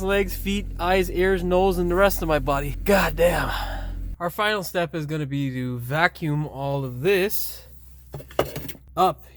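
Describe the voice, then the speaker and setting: A man's voice: fairly high pitch, a bit bright, slight background noise. A man hosting a DIY car repair tutorial outdoors in freezing weather, talking casually and swearing freely. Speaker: channel host, mechanic.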